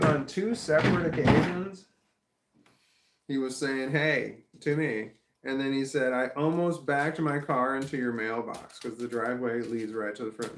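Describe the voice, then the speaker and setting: A man's voice: medium pitch, reverberant, slight background noise. A man talking to his camera in a casual vlog monologue, rambling and repeating himself, swearing when annoyed. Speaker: vlogger. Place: at home.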